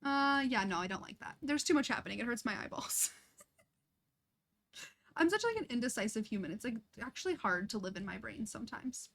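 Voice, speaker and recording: A woman's voice: a little high, animated, fairly quick, a bit bright. Giggly woman streaming a life-sim game. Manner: chatty, giggly and self-deprecating. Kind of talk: casual live-stream chat while playing.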